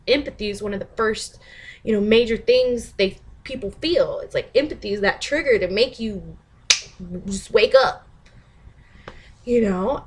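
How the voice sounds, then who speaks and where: Woman, slightly high-pitched, casual vlog monologue, profane, blunt, laughs a lot, animated. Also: breathy edge. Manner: animated, mimics others in shouted asides. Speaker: vlogger.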